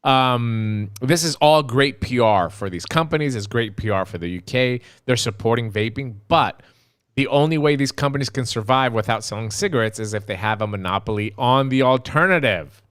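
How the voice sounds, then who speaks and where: A man co-hosting a casual live stream, reading viewer comments and ranting with lots of profanity, dropping to mutters and rising to shouts. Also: mid-range voice, normal speed, clean tone, no echo, clean studio sound. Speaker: co-host of a live vaping talk stream.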